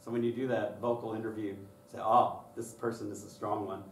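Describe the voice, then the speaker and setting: A man giving a conference workshop on children's singing, talking in a lively way and breaking into high falsetto to imitate children. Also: brisk. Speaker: choir director and workshop presenter. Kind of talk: conference workshop talk with sung demonstrations. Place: conference room. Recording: roomy distant recording with faint noise.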